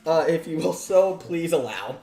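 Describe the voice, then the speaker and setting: A man's voice: on the high side, animated, normal speed, creaky, mellow. A man playing a tabletop role-playing game in casual chat, intense, swearing and laughing often. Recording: roomy echo.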